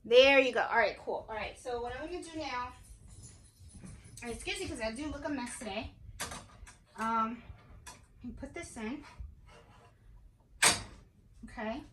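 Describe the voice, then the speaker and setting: High-voiced woman doing a casual craft vlog at home, keeps saying okay?, echoey room. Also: unhurried, long pauses. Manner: chatty, talks to viewers, repeats okay. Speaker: crafting channel host. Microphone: camera on a tripod. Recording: echoey room, faint noise.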